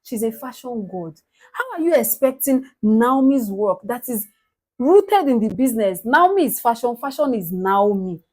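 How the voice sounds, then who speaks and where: A Nigerian woman recapping a reality show in casual, animated gossip, laughing often. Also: fairly high pitch, moderate pace. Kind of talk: casual chat.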